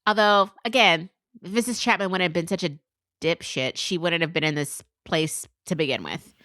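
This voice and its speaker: A tipsy woman co-hosting a book club podcast, recapping a story in a rambling, animated way with plenty of asides. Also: lowish voice, normal speed, no echo. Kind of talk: casual chat.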